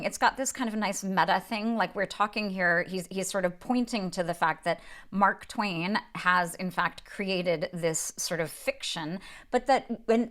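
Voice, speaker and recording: Thoughtful woman hosting a book talk. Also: medium pitch. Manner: thoughtful, explanatory, with frequent restarts and fillers. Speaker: book podcast host. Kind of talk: casual literary talk with read-aloud passages.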